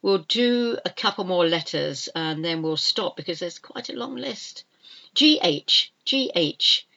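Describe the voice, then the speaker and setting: An older woman gives a spelling lesson, repeating each word several times and spelling it out one letter at a time. She talks slowly, in a fairly low voice. The recording sounds dull and lo-fi. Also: lively intonation, vocal fry, bright, forceful tone. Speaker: English teacher.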